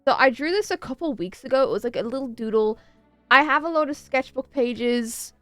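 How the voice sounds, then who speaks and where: A woman's voice: high voice, expressive, brisk, dry recording, faint music behind. A young woman chatting casually and playfully to her stream audience as an artist.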